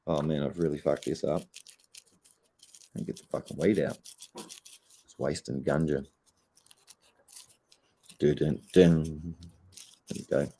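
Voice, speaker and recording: A man's voice: very deep voice, fairly even intonation, slow pace, pauses often, warm tone, a little hiss or hum. A young Australian man, stoned and laid-back, rambling and swearing heavily in a casual livestream chat. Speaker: streamer.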